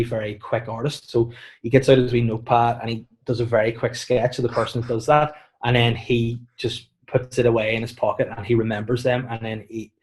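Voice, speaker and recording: A man with a Northern Irish accent, a comedian guest chatting casually on a podcast, acting out quotes and giving deadpan mock warnings. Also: mid-range voice. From Northern Ireland.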